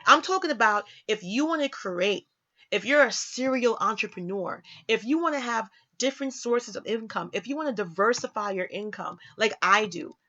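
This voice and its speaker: A woman vlogger walks through money and career facts in casual talk, her fairly high voice bright and forceful. She leans hard on key words and slips into sarcasm now and then. The sound is dull and lo-fi. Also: expressive, normal speed. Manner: emphatic, sarcastic at times, swoops up for emphasis. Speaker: vlogger teaching personal finance. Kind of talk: casual talk reading from websites.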